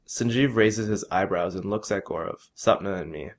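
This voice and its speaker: A man reading his own first-person story aloud in a measured, plain way. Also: low voice.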